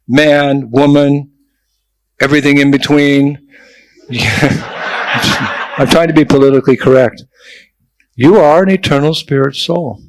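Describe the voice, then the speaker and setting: A man's voice: fairly high pitch, dry recording, low-quality recording. An older man, a traveling monk, giving a sermon to young people, telling stories with jokes and asides. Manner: lively storytelling with jokes and asides. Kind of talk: sermon to a youth festival.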